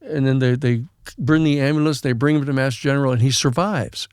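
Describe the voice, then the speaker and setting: A man's voice: medium pitch, brisk, clean tone, dry recording, clean studio sound. A man in his seventies, a podcast guest, telling a story in a casual way and acting out what other people said. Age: 70s. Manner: animated storyteller who acts out others' dialogue.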